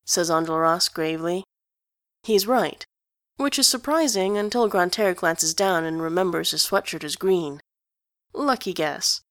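A woman narrating a story aloud in an even storytelling delivery. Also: on the low side, moderate pace, no echo, studio quality. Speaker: reader.

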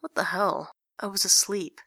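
A woman voicing a sleepy, sarcastic young man who mumbles his lines in a deadpan way. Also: medium pitch, normal speed, slightly rough, no room sound, studio quality.

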